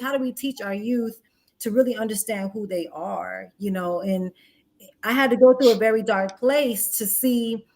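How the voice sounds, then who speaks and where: A woman's voice: fairly high pitch, darkish tone. A woman hosting a podcast, asking long, reflective questions in a casual conversational way. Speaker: podcast host.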